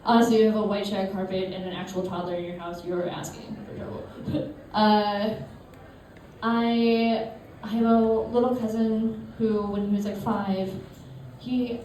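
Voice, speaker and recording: A woman's voice: mid-range voice, fairly even intonation, a little slow, dark tone, slight background noise. A woman in her thirties from suburban Massachusetts, casually telling anecdotes on stage with a chatty manner and frequent laughs. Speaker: storyteller. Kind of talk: live stage storytelling. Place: live show venue. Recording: echoey room, mic from far off.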